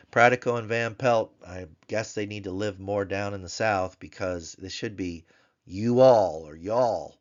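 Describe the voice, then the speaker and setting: A man teaching a recorded grammar lesson, slowly repeating each word several times for drill. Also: deep voice. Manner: slow, repeats words for drill. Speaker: language teacher. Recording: dull lo-fi sound.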